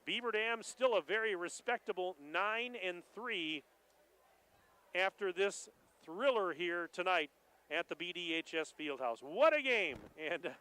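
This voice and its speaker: A man doing live play-by-play for a high school basketball game, excited and rising to shouts at the big plays. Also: a little slow, smooth, low-quality recording. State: out of breath. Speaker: play-by-play announcer.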